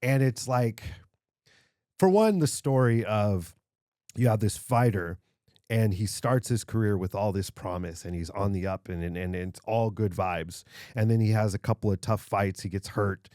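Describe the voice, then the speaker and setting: A man co-hosting a casual podcast, retelling a favourite film with animated, stumbling enthusiasm. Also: fairly low pitch, moderate pace, no room sound, clean studio sound. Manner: animated storytelling, stumbles and repeats words. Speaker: podcast co-host.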